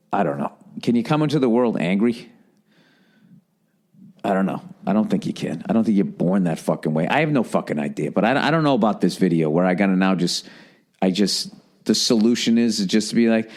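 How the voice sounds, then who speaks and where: A man's voice: on the low side, lively intonation, brisk, pauses often, a little mellow. Profane, rambling male podcast host. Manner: profane, rambling, self-mocking, mimics people in put-on voices. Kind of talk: casual rant.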